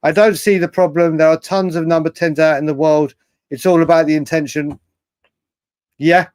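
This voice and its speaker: A man with a slightly high voice hosts a live fan stream, talking at a normal speed with a smooth tone in a dry recording. He's animated as he works through viewer comments, repeating himself a lot and swearing now and then.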